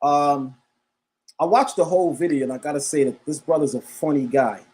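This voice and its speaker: A man's voice: a little high, moderate pace, darkish tone, slight background noise. A man hosting a live stream, talking casually, repeating himself and calling his viewers family. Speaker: livestream host.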